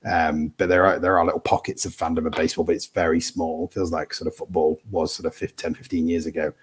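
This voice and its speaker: A British man in his thirties speaks as a podcast guest, stumbling and restarting as he thinks aloud. His voice sits very low and has a husky, breathy edge. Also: flat delivery, fast talker. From United Kingdom. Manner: hesitant, many restarts and fillers. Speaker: guest draft analyst. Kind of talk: casual podcast chat.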